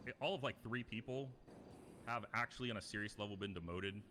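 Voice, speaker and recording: A man's voice: on the low side, fairly quick, sharp tone, a little hiss or hum. A man candidate giving rambling, earnest debate answers with fillers.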